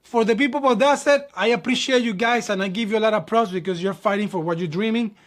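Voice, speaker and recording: A young New York ballet dancer who hosts his own channel chats casually in a high voice at a quick pace. He's animated, acts out dialogue, and calls his viewers "my people."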